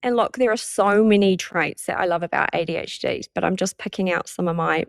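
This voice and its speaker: A woman's voice: lowish voice, a little fast, gravelly, no echo, studio quality. A woman hosting a solo podcast, talking in a chatty, candid way and swearing casually. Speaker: podcast host.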